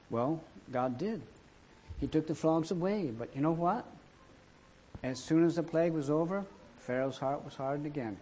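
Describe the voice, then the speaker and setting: A man's voice: on the high side, slow pace, long pauses. A man telling a Bible story and reading archaic scripture in a dramatic, emphatic way.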